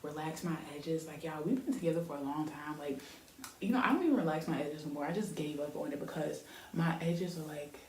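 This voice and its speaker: This young woman has a low voice and talks a little fast. A beauty vlogger, she chats and rambles with lots of fillers while styling her hair on camera, in an echoey room with a faint hiss behind her.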